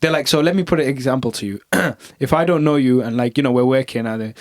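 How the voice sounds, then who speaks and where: A man's voice: mid-range voice, quick pace, hardly any pauses. A man from the UK hosting a podcast, chatting casually and acting out other people's voices as he tells stories. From United Kingdom. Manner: animated storyteller, acts out voices, swears freely. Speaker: podcast host. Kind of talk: casual chat.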